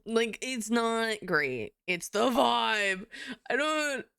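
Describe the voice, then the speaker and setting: A young adult woman chatting casually with her live-stream viewers, giggly and animated, swearing now and then. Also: fairly high pitch, very slow, creaky, smooth, no room sound.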